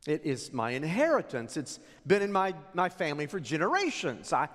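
A man voicing a humble landowner who apologizes haltingly, stumbling over his words. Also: on the high side, wildly swooping pitch, fairly bright tone, exaggerated voice. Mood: apologetic. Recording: echoey hall reverb.

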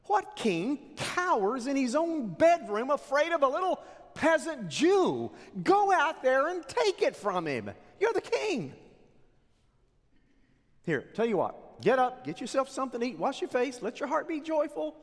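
A man's voice: very high voice, sing-song, measured pace, pitched above the performer's own voice, heavily acted. A man voicing a cruel, scheming queen who coaxes and scorns her husband, in a preaching style. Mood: scornful. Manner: sweetly coaxing then scornful. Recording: echoey hall reverb.

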